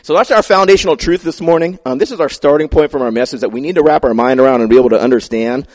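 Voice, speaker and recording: A male pastor preaching a sermon in a conversational, storytelling manner. His voice sits a bit higher than most men's. He drops in playful asides. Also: very fast, a little mellow, no echo, studio quality.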